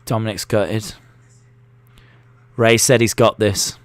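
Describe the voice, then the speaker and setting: A man's voice: on the low side, fairly even intonation, takes it slowly, clean tone, dry recording. A man hosting a live wrestling watch-along, chatty and jokey, reacting aloud as he goes. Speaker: live stream host.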